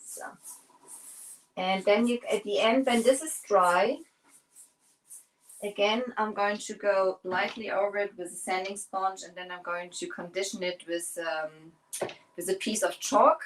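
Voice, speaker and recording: Slow-talking woman chatting while painting. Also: medium pitch, fairly even intonation, rough recording. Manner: chatty, rambling, many fillers and restarts. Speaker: furniture painting livestream host. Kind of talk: casual livestream chat while painting.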